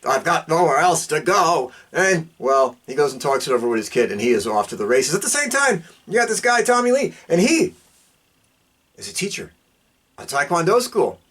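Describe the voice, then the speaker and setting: Excitable, high-pitched rambling podcast host man. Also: husky. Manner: fast, loose delivery with fillers. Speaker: podcast host reviewing a film. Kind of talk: casual film recap.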